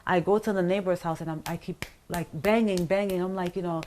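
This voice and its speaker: A woman's voice: lowish voice, steady tone, a little fast, a little mellow, slight background noise. A middle-aged woman giving a personal account in an interview, rambling and full of fillers like "you know" and "like", acting out what people said. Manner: rambling, filler-heavy retelling with acted-out quotes. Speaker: interview guest.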